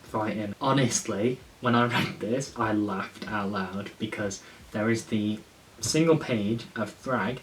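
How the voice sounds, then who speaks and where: A man's voice: fairly low pitch, takes it slowly. A man talking through a casual review, rambling and enthusiastic, swearing when he gets worked up. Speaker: comic reviewer. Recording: faint hiss, slightly distant mic.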